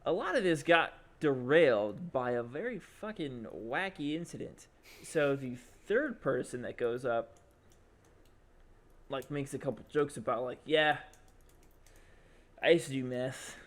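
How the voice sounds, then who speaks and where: A man's voice: medium pitch, very animated, measured pace. Rambling young man telling a story. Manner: rambling, full of fillers and quoted voices. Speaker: podcast co-host. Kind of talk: casual chat, storytelling.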